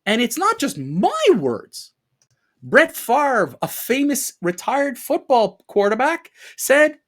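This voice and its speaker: A man's voice: very high voice, huge pitch swings, slow. A man co-hosting a sports opinion show, ranting emphatically and firing off rhetorical questions. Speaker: co-host. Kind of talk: opinion rant podcast.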